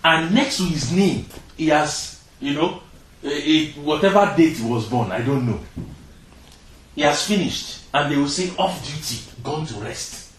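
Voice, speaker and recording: A man's voice: fairly high pitch, measured pace. A man preaching a sermon to young people, acting out little dialogues and laughing now and then. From Nigeria. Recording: echoey room, heard from a distance, noisy.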